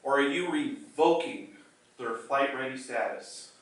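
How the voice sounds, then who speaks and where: An older man delivering a storytelling contest speech, using dramatic pauses and slowing down for emphasis. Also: mid-range voice. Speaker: contest speaker. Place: meeting room or hall. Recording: echoey hall, mic at a distance.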